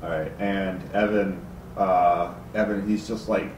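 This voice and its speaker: A man's voice: low voice, fairly even intonation, measured pace, darkish tone. A man narrating as game master of a tabletop game, rambling with many fillers. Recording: roomy, distant, faint noise.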